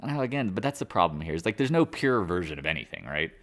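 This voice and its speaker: A man's voice: low voice, big pitch swings, fast, fairly bright tone. A man hosting a live market chat stream in a casual, rambling way, drifting off on tangents and slangy asides. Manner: loose, slangy. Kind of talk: casual livestream market commentary.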